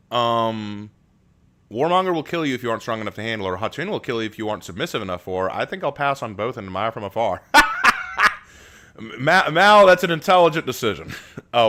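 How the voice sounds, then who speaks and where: Bright, lively male streamer. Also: mid-range voice. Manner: chatty, joking, laughs often, restarts words. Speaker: streamer reacting live and reading chat. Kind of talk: casual live-stream chat.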